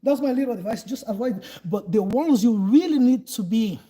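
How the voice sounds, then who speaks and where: Man in his 40s, Brazilian accent, high voice, chatty self-defense coach, laughs a lot. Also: animated, normal speed, warm tone, low-quality recording. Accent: Brazilian Portuguese. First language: Portuguese. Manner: laughs often, loose and chatty. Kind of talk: casual live Q&A and instruction.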